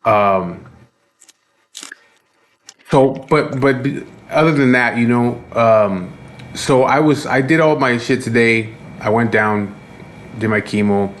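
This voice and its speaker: A man's voice: mid-range voice, slow pace, pauses often. A man casually telling a rambling, profane story about his day, tired and fed up. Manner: profane, rambling, frequent restarts. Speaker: vlogger.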